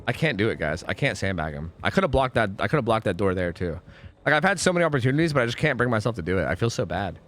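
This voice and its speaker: A young man streaming a video game, rambling and swearing, swinging between groans and excited outbursts. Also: lowish voice, very fast. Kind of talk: live gameplay commentary.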